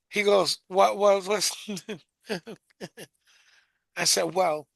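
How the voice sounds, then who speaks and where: Sarcastic Bronx man, high gravelly voice. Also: drawn-out words, no room sound. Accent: Bronx New York. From South Bronx, New York. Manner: sarcastic, animated storyteller. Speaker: podcast co-host. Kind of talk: casual chat, storytelling.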